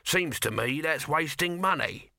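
A man's voice: on the high side, expressive, a little slow, creaky, bright, forceful tone, no room sound, clean studio sound, voice pushed up, heavily acted. A man voicing a scheming middle-aged male hustler who talks in a sly, wheedling way.

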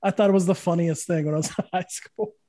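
Animated, high-voiced man telling a story. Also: fast, dry recording. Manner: animated, swears freely, acts out quoted voices. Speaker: podcast host and guitar teacher. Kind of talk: casual conversational storytelling.

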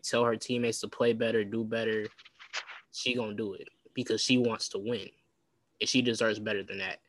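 A man's voice: mid-range voice, fairly bright tone, no room sound. A man hosting a casual sports talk show, chatty and rambling, with plenty of restarts and fillers. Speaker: podcast host.

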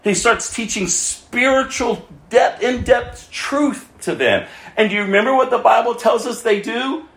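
A man preaching a sermon as pastor, impassioned, swinging between loud emphasis and hushed asides. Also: extremely high pitch, expressive, a little slow, echoey room.

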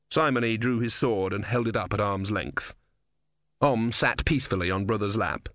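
A man with a fairly low-pitched voice performs scripted audiobook narration of a novel in an even, measured storytelling manner. The studio sound is clean, without any room sound.

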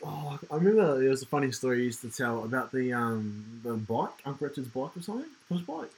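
A man hosting a casual podcast chat, easygoing and quick to laugh as he prompts stories. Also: medium pitch, very animated. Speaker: podcast host.

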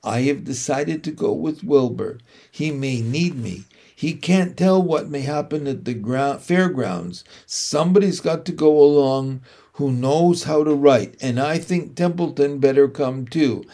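Man doing a wise female spider, soft, calm, hushed, storybook reading. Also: a little high, a little slow, lightly acted.

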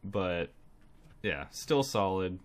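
A man with a fairly low voice, co-hosting a casual film podcast. He talks in a relaxed, wry way and chuckles now and then while he gives his verdicts. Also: drawn-out words. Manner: laid-back, wry, chuckling. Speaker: podcast co-host reviewing films. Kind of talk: casual chat.

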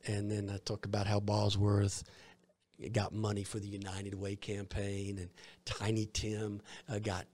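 Low-voiced Southern minister telling stories. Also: male voice, completely flat delivery, unhurried, darkish tone. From Georgia, US. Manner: rambling, with many fillers and restarts. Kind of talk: storytelling in an interview.

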